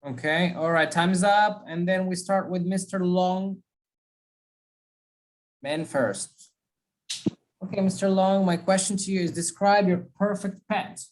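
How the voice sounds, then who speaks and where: A woman's voice: lowish voice, steady tone, a little slow, long pauses, a little mellow. A woman teaching an English speaking class, giving students prompts and drilling pronunciation by repeating words.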